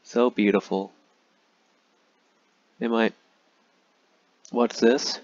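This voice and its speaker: A young man rambles through his strategy game playthrough in a casual, deadpan joking way, full of ums and likes. His voice sits a bit low. The recording is muffled and lo-fi. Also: measured pace, pauses often. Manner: joking, rambling with fillers, deadpan dark humor. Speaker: gaming YouTuber. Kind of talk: casual gameplay commentary.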